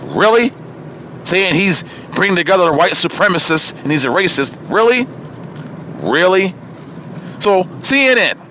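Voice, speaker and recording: A man's voice: on the high side, sharp tone, highs cut off, slight background noise. A man hosting a political talk show, ranting with fire and repeating himself for emphasis. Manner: fiery, ranting, repeats himself and names his targets. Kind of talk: political talk radio monologue.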